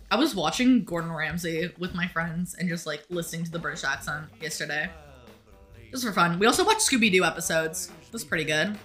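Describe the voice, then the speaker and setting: A woman's voice: on the low side, a little fast, sharp tone, soft background music. A woman streaming a game live, chatting casually and answering her viewers' messages as they come in. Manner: chatty, reads chat aloud and answers viewers. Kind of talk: casual live-stream chat while gaming.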